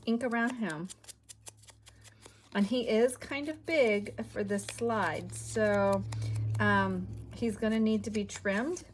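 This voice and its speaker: A woman talks through her craft project in a loose, chatty way, often dropping into near-whispered asides to herself. Her pitch sits in an ordinary middle range. A faint hiss of background noise sits under the recording. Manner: chatty, muttering to herself while working. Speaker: craft video host. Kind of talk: casual crafting chat. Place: home craft room.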